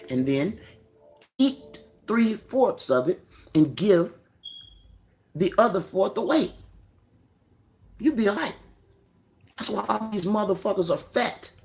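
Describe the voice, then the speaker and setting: A man giving a profane, mocking preaching rant in street slang, firing off rhetorical questions. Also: sits high. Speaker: religious commentator.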